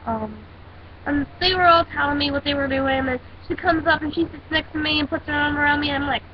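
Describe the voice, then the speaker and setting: Sassy high-voiced teen girl ranting. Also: a little fast. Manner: sassy, dramatic storytelling. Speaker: vlogger. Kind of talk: casual rant. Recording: dull lo-fi with faint hiss.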